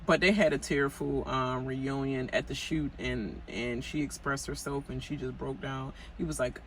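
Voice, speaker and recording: A woman's voice: a bass voice, fairly even intonation, normal speed, a little hiss or hum, rough recording. Gossipy woman ranting through a TV recap. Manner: gossipy and chatty, many fillers, talks straight to cast members. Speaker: TV recap vlogger. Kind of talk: casual reality-TV recap rant.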